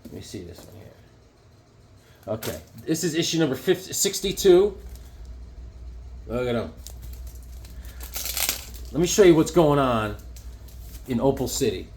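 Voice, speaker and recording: Excited man showing off comics. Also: medium pitch, measured pace, pauses often, a little hiss or hum. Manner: enthusiastic, rambling, chuckling. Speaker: comic book collector showing his collection. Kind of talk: casual show-and-tell chat.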